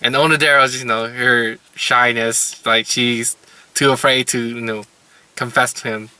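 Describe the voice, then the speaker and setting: A man recaps anime episodes in a loose, rambling way, with fillers all through his sentences. His voice is very bright and tense at an ordinary middle pitch. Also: fairly even intonation, a little slow, clear, resonant tone, dry recording. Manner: rambling, heavy use of "like" and "you know". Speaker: anime reviewer.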